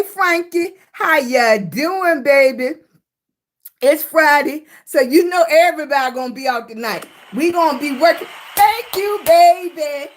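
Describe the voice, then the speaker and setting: An older woman with a Southern drawl hosts a casual livestream, chatting with viewers and greeting each one by name. Her voice sits high for a woman. She calls people baby and talks in an easy, homey way. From Virginia. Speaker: livestream host.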